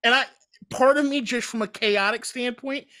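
A man's voice: extremely high pitch, normal speed. A man co-hosting a casual sports podcast, swearing freely and laughing as he riffs. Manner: profane, animated, laughs often. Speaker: podcast co-host.

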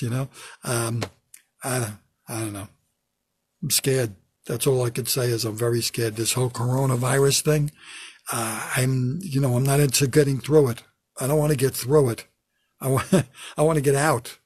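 An older man doing a wry, self-deprecating stand-up routine from his home basement, with sudden loud bursts when he acts out a bit. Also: medium pitch, steady tone, normal speed, long pauses, breathy edge, dry recording, studio quality. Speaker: stand-up comedian.

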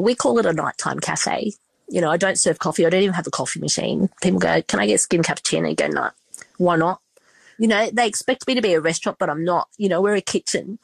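A woman's voice: mid-range voice, creaky, breathy edge, dry recording. A woman, a restaurant owner telling stories in a casual podcast interview, chatty and full of fillers. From Australia. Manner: chatty, emotional storytelling with many fillers.

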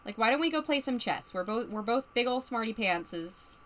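A woman streaming a life-sim game, chatting casually as she plays. Her voice is bright and a touch high, and it swoops up and down as she talks the characters through their moods. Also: lively intonation, moderate pace, slight background noise. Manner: chatty, narrates characters' feelings, laughs often. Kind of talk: casual gameplay commentary.

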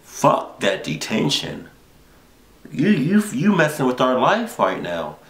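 Slow-talking cussing male reactor. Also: mid-range voice, huge pitch swings, creaky, a bit bright. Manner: profane, exasperated, repeats himself. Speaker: reaction video host. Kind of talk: casual reaction commentary. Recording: roomy echo.

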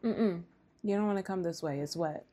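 A young woman hosting a movie reaction, speaking softly and startling easily. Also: fairly low pitch, background noise. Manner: soft-spoken, jumpy, quick to startle. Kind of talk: hushed movie reaction chat.

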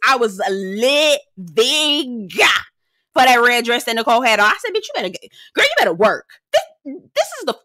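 A woman's voice: fairly high pitch, pushed and bright, no room sound, clean studio sound. A woman hosting a casual reality TV recap, sassy and dramatic, swearing freely and mimicking the cast. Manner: sassy, dramatic, profane, quick mimicry of others.

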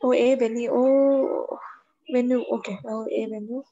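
A woman's voice: fairly high pitch, steady tone, measured pace, dark tone. A woman practicing French verbs in a lesson, hesitant and searching for words. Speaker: French student. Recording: dull lo-fi sound.

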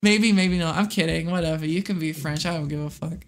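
A woman from the United States streaming a game live, excitable and swearing often, muttering under her breath and then breaking into squealing shrieks. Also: deep voice, fairly quick, a little hiss or hum. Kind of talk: live gameplay commentary.

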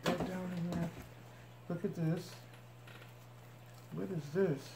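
A woman's voice: on the low side, fairly even intonation, takes it slowly. A woman vlogger chatting to her viewers as she unpacks boxes and shows each item. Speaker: couponing vlogger. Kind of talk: casual unboxing narration. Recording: echoey room with noise.

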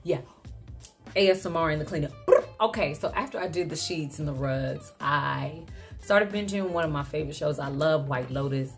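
A woman's voice: sits low, normal speed, faint music behind. A young adult woman chatting candidly to the camera in a casual vlog, slangy and open, sometimes close to tears. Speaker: vlogger.

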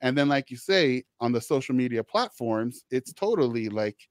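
This social work podcast host has a lively, mid-range voice at normal speed. His easygoing talk with a guest is peppered with restarts and "you knows," recorded cleanly in a studio without echo.

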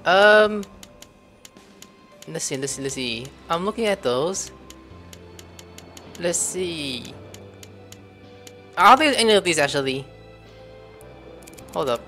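A man's voice: a little high, expressive, takes it slowly, long pauses, sharp tone, faint music behind. A man giving casual let's-play commentary, thinking aloud and breaking into sudden surprised outbursts. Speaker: gameplay commentator.

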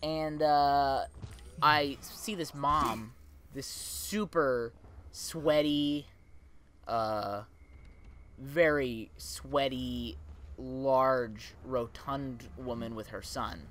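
A man's voice: medium pitch, very slow, fairly bright tone, slight background noise. A man casually chatting while playing a video game, telling stories in a rambling way with lots of fillers. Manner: rambling storyteller, many fillers and restarts. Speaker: gameplay commentator. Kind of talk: casual chat over gameplay.

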